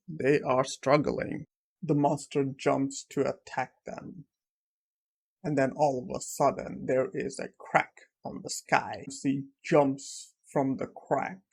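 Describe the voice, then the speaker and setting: Slow gravelly man narrating a recap. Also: mid-range voice, a little mellow. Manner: plain, unhurried retelling. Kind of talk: casual comic-recap narration.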